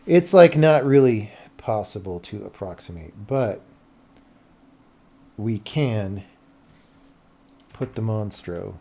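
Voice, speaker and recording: A man's voice: lowish voice, lively intonation, takes it slowly, pauses often, mellow, a little hiss or hum. A man streaming as he builds a game level, talking to himself in a casual, thinking-aloud way with mumbled asides. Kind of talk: casual livestream commentary while working.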